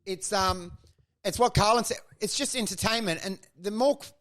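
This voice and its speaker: A man's voice: high voice, moderate pace, a bit bright. A man co-hosting a comedy podcast, swearing freely and riffing in mock voices. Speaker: podcast co-host. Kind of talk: casual comedic chat.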